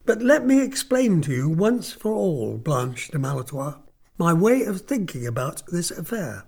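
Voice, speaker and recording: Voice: mid-range voice, big pitch swings, unhurried, gravelly, a little mellow, slightly rough, full character voice. A performer playing a stern old nobleman, an uncle who speaks with icy, mocking politeness in a dramatic audiobook reading. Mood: coldly mocking. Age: older.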